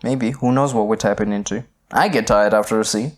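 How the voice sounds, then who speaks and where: A man's voice: fairly low pitch, brisk. A man co-hosting a podcast, teasing his co-host in playful, slangy casual chat about a film.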